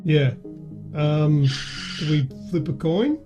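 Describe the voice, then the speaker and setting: A podcast host running a word game in casual chat, teasing and animated. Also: mid-range voice, slow pace, lo-fi sound. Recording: music playing underneath. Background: music.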